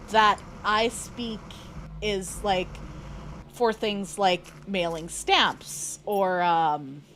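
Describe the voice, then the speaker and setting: A woman's voice: mid-range voice, slight background noise, low-quality recording. A woman streamer chatting casually while playing a game, rambling with lots of fillers and restarts. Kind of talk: casual chat while gaming.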